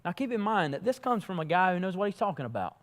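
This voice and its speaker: A man's voice: sits high, sing-song, fast. Man preaching with hall reverb. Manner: emphatic preaching, rising and falling in loudness. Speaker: pastor. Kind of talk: sermon. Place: church sanctuary.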